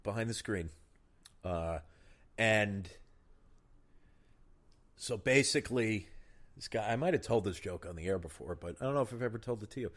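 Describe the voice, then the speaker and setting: Man, low voice, bright tone, lively pitch, casual joke-telling, laughs at his punchlines. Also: moderate pace, long pauses. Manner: animated storyteller, laughs at his own punchlines. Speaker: podcast host.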